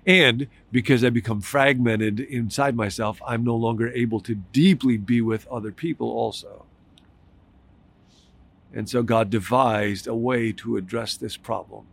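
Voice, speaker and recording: A pastor preaches at a steady, middle pitch, moving through stories and scripture in a reflective way. He slows down and leans on key words when he makes his main points. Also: vocal fry, no room sound. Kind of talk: sermon.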